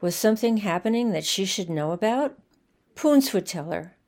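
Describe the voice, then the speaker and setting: A woman narrating a story in a steady, measured reading style. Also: mid-range voice. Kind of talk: scripted narration.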